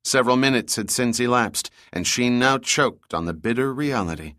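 A man narrating an adventure novel audiobook in a measured, even storytelling manner. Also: mid-range voice, dry recording, clean studio sound.

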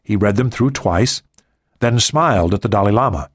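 A male audiobook narrator with a low voice reads in a steady, even way. The recording is dry and close, with no room sound. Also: normal speed, dry recording. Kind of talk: scripted narration.

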